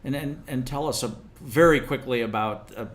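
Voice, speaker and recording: Bright-voiced male interviewer. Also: mid-range voice, moderate pace. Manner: prompting, laughs along with the guest. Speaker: interviewer host. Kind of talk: casual interview.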